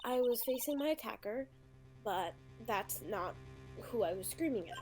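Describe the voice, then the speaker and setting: Flustered young woman on the stand, high and halting, read by a woman, faint music under her. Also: animated, natural voice. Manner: hesitant, full of ums and trailing off. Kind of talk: reading game dialogue aloud.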